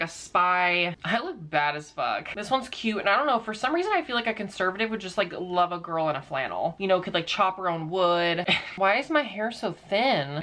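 A woman's voice: lowish voice, bright, forceful tone. A young woman in her twenties vlogging in a casual, sarcastic, giggly way. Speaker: YouTuber. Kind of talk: casual vlog commentary.

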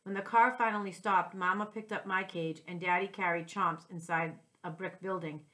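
Teacher reading a storybook aloud. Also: female voice, medium pitch, normal speed, few pauses. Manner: gentle, clear storytelling with small slips. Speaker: second-grade teacher. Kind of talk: reading a children's chapter book aloud.

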